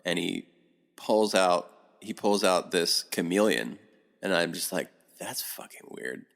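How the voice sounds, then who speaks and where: A middle-aged man, a podcast guest, telling a long rambling story in casual talk, animated and swearing often. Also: sits low, measured pace, vocal fry.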